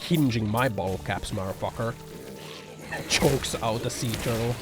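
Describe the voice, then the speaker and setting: Speaking at normal speed in a medium-pitched voice, a man streams from his home apartment with music in the background. He reacts to viewer comments in loose, sarcastic, profane chatter stuffed with fillers.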